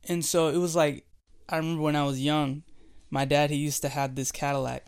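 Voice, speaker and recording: A young man preaching a devotional sermon, telling a childhood story with animated, playful delivery. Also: fairly high pitch, brisk, clean tone. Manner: animated storytelling, acting out voices and laughing.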